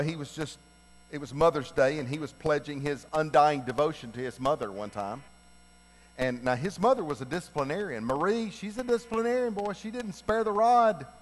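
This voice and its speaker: A middle-aged man telling humorous family stories to a congregation, animated and building to loud, laughing punchlines. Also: on the high side. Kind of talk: humorous personal storytelling. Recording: long reverb of a large hall.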